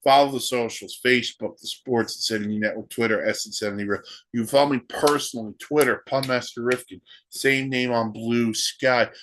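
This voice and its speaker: A man's voice: medium pitch, fairly even intonation, brisk, few pauses, a bit bright. A man hosting a solo sports podcast, ranting and firing off rhetorical questions. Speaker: podcast host.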